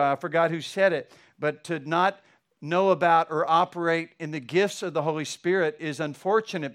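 A man's voice: fairly high pitch, fairly bright tone, clean tone. A middle-aged man, a pastor, preaching a sermon with fervent, building emphasis.

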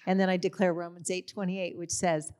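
A woman's voice: fairly low pitch, flat delivery, fairly quick, darkish tone, smooth. A middle-aged woman speaking at a church service, declaring with strong emphasis on repeated words. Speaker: pastor's wife. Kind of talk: sermon.

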